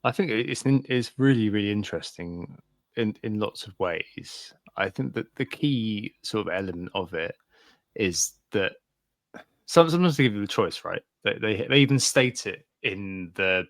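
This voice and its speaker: Co-host: man, low gravelly voice, dry close mic, halting chatter. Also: lively intonation, no echo. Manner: hesitant, many ums and restarts. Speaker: podcast co-host. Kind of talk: casual chat.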